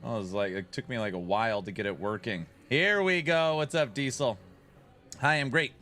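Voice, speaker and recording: Male live-stream host, bright forward tone, casual joking chat, rattles off viewer names. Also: mid-range voice, moderate pace. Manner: loose, joking, greets chat by name.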